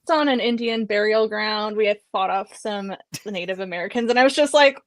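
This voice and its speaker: A woman's voice: mid-range voice, a little fast, no echo. A woman in her thirties chatting casually and laughing easily as she tells a story. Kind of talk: casual chat. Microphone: home mic on a video call.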